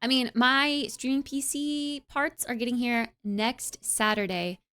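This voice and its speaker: A young woman streamer chats casually with her live audience, with a slightly higher voice than most. Her delivery is bubbly and animated, and "like" turns up often between her thoughts. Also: measured pace, smooth. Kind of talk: casual chat, reading and answering live chat.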